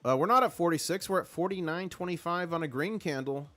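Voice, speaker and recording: A man hosting a casual live stream with excited market commentary, rallying his chat and reading out their comments. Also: a little high, a little fast.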